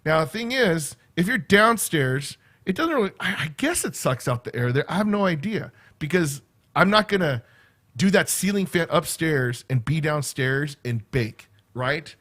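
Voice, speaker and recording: A man's voice: on the high side, lively intonation, normal speed, fairly bright tone. A man hosting a casual livestream from a room in his home, rambling and chatty, tagging "right?" onto his sentences. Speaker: livestream host. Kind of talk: casual live chat.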